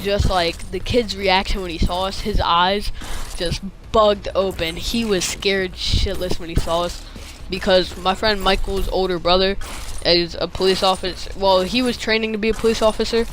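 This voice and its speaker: This gaming video creator, lisping slightly because of a retainer, narrates a story loosely over gameplay with plenty of fillers and casual curses. He speaks at a normal speed in a steady, high voice against a noisy background.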